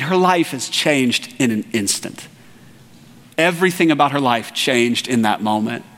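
Man preaching in a reverberant hall. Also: a bit bright. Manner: conversational preaching, acts out biblical dialogue with rising pitch. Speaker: pastor. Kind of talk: sermon.

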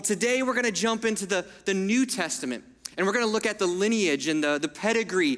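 A man's voice: high voice, pushed and bright, in a large hall. A man preaching a sermon as pastor, talking conversationally and asking the room for agreement.

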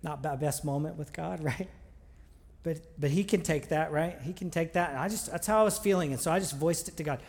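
A man's voice: on the high side, brisk, gravelly, a little mellow. A man preaching a sermon in a conversational, earnest way, with frequent restarts. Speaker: pastor. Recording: long reverb of a large hall.

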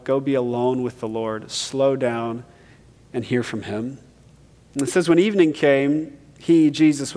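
A man preaching to a congregation, earnest and emphatic as he reads scripture aloud and unpacks it. His voice sits a little on the high side. The sound carries a long reverb from a church hall. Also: darkish tone. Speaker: pastor. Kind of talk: sermon.

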